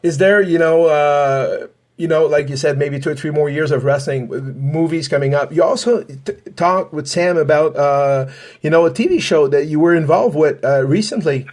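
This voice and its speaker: A man with a fairly high voice hosts a casual podcast interview. He rambles and restarts often, stacking fillers as he circles toward his questions. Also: normal speed, darkish tone. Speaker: podcast host, paranormal investigator.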